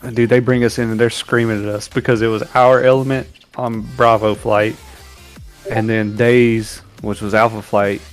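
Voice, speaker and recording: Male co-host, mid-pitched, casual storyteller who barks out quoted sergeants. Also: moderate pace, soft background music. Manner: animated, acts out shouted quotes while telling war stories. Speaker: podcast co-host.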